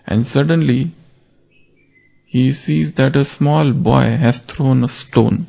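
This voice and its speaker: A man delivers a spiritual class in a gravelly voice, unhurried and fond of stories. He leans on repeated key words to drive points home. The recording sounds dull and lo-fi. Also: medium pitch. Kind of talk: spiritual talk.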